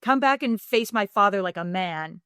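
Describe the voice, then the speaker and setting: A woman's voice: medium pitch, lively intonation, moderate pace, sharp tone, clean tone, no room sound, clean studio sound. A woman doing a fierce, determined young girl. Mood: scolding. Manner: urgent, pleading then scolding. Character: bold ten-year-old colonial girl, fiercely determined.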